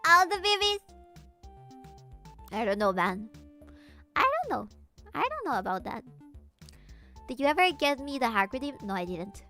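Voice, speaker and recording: A woman's voice: fairly high pitch, big pitch swings, normal speed, pauses often, a bit bright, faint music behind. A woman from Latin America chatting casually while streaming a game, rambling and swearing freely as she goes. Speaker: VTuber streamer.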